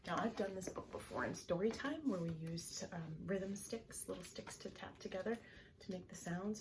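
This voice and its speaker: A woman librarian leading a bedtime story time for children. She speaks in a gentle, soothing way and often drops to a whisper. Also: medium pitch, moderate pace, a little hiss or hum. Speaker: children's librarian reading stories.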